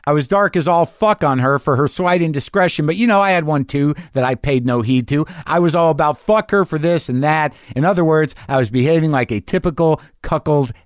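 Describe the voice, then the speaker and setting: A man's voice: on the high side, a little fast, few pauses, smooth, no echo, clean studio sound. A middle-aged man hosting a podcast, reading listener emails aloud and riffing in a loose, profane, rambling way with lots of restarts. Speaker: podcast host.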